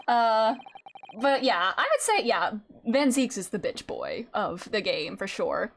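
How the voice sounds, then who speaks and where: Animated, laughing woman streamer. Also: a little high, slow pace, a little hiss or hum. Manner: animated, laughs often, swears freely. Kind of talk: casual gameplay commentary. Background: faint game music.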